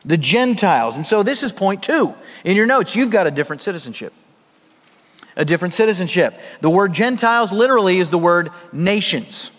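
High-voiced pastor preaching in a reverberant hall. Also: male voice, expressive, a little fast, fairly bright tone. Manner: conversational preaching with acted asides. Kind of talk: sermon.

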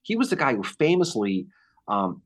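A man hosting a podcast, telling a Civil War battle story in a casual, animated way. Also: medium pitch, moderate pace. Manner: animated, acts out quotes. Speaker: podcast host.

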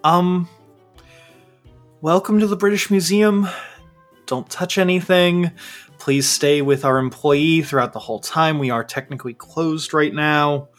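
A man's voice: on the high side, a little slow, a bit bright, faint music behind. A man voicing a polite, flustered male security guard who stammers and apologizes in a tabletop game. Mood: flustered politeness.

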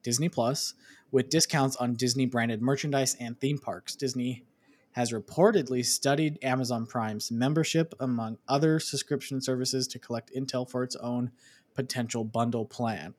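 A man's voice: medium pitch, steady tone, moderate pace, darkish tone. A man hosting a casual podcast, reading out news items and adding dry asides.

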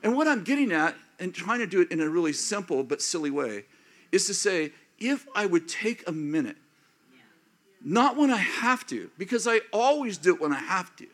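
A man of fifty or older preaching a sermon as pastor, acting out prayers and inner thoughts in an animated way. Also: sits high, normal speed. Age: 50s or older.

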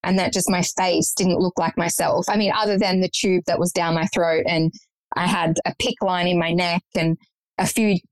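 A woman's voice: on the low side, steady tone, normal speed, dry recording, rough recording. Young woman, earnest guest, dry sound. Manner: earnest, reflective, matter-of-fact. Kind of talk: personal story in conversation.

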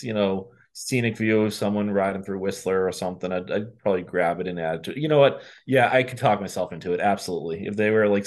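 A man's voice: lowish voice, a little mellow. A man with a Boston accent, a podcast guest giving candid, rambling answers in casual chat.

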